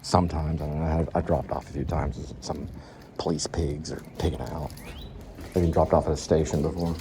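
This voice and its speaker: A man's voice: extremely low pitch, little pitch movement, moderate pace, noisy background. Angry rambling man ranting from a car. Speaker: vlogger, delivery driver. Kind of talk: casual ranting monologue while driving.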